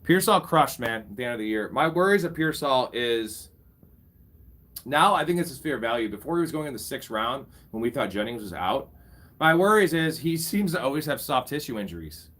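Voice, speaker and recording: Excitable man hosting a live draft stream. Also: mid-range voice, moderate pace. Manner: casual, excitable, crude banter with chat. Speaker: fantasy football streamer host.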